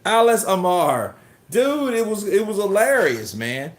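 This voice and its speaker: A man hosting a livestream of boxing commentary, talking in an animated, profane and excitable way. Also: high voice, a little slow. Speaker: host. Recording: roomy echo.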